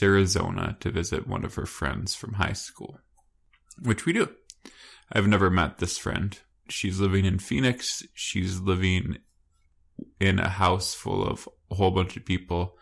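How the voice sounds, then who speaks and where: A man's voice: deep voice, a little slow, vocal fry. A man in his thirties co-hosting a podcast, teasing his co-host and telling stories in casual chat. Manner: teasing, giggly, animated questioning.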